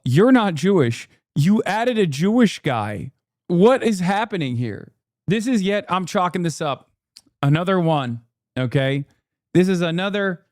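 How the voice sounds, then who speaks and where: High-voiced man ranting on stream. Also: no room sound, studio quality. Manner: profane, incredulous, ranting. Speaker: streamer reacting to news. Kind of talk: live-stream political commentary.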